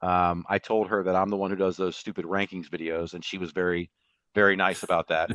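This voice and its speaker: A man co-hosting a podcast, recapping a show in a casual, animated storytelling way and laughing often. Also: deep voice, a little fast, dry recording, lo-fi sound. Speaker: podcast co-host.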